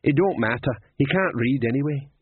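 A man voicing a simple, excitable male troll guard with rough grammar, on a tinny recording. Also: mid-range voice, fairly quick, no room sound. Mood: starstruck. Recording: tinny lo-fi narrow sound.

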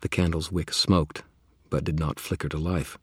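A man narrating a first-person fantasy audiobook in a measured, dry storytelling manner. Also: a bass voice, fairly even intonation, husky, no echo.

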